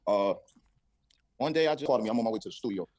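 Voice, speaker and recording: A man's voice: fairly low pitch, animated, very fast, a little mellow, no echo, poor audio. A man being interviewed as a rapper, laid-back and casual, often repeating words.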